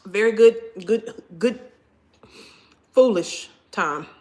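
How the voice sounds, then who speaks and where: An animated, expressive woman, chatting casually with her viewers during a live stream. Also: medium pitch, takes it slowly.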